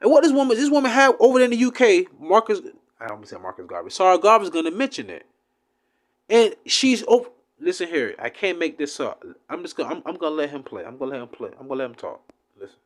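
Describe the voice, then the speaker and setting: A man giving an impassioned, profane religious rant, swinging between loud outbursts and low mutters. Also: very animated, fast. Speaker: religious commentator.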